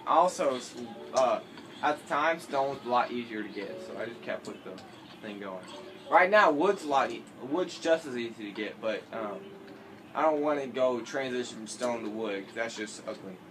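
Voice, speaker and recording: A teenage boy giving casual, rambling commentary over a building game, often correcting himself and joking. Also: medium pitch. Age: teens. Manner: rambling, self-correcting, jokey. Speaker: gameplay commentator. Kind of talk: casual let's-play commentary. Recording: noisy home recording.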